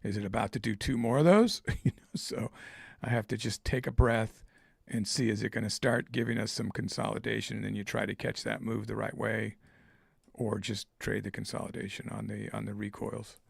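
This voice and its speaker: A man talks through his trades live in a heavily gravelly voice. His voice is husky, and he thinks aloud in a halting way, full of fillers. The sound is dry and close to the mic. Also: lowish voice, fairly even intonation, no room sound. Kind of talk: live trading commentary.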